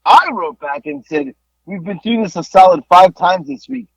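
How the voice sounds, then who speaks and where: A man co-hosting a podcast, telling a story in a casual, animated way and acting out the people he talked to on the phone. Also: high-pitched, moderate pace, creaky, breathy edge, no room sound. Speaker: podcast co-host. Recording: dull lo-fi dry sound.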